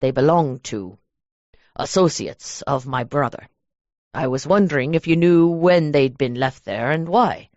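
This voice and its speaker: A cold, menacing Irish mobster man with a deep, low, measured voice, as a woman narrator drops her pitch to play him. He speaks slowly, with clipped control, in an audiobook scene. The recording is dull and lo-fi, completely dry. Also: a little mellow, no room sound, close to an everyday voice. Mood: probing. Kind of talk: audiobook character voice.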